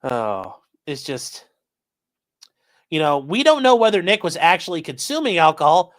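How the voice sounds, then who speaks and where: A man's voice: on the high side, big pitch swings, moderate pace. A man hosting his channel, mocking a court filing in profane, incredulous commentary and talking to his live chat. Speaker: channel host.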